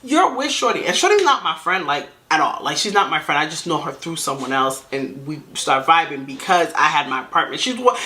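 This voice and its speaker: A woman vlogger rambling through a storytime tale, correcting herself and breaking off for asides. Her voice is bright and clear, and her pitch jumps up and down as she tells it. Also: slight background noise. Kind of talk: storytime vlog.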